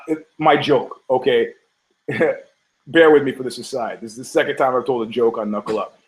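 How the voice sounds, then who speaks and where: A man's voice: medium pitch, low-quality recording. A man hosting a podcast, riffing in a rambling, profane monologue full of restarts and tangents, telling jokes and acting out the voices. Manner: storytelling with voices, laughs at own jokes. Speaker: podcast host. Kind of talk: casual sports commentary monologue.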